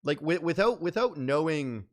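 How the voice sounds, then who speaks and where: A man's voice: a little high, animated, moderate pace. Rambling young man chatting casually. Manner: rambling, filler-heavy, slangy. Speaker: day trading streamer. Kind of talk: casual livestream chat.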